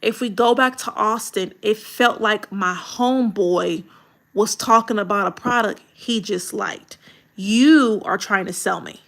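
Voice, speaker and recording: A woman coaching content creators in a livestream video critique, talking in a direct, colloquial and animated way. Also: medium pitch, measured pace, vocal fry.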